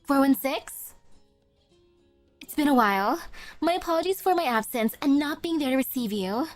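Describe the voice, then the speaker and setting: Woman doing a gentle, polite café owner. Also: high voice, expressive, moderate pace, no echo, soft background music.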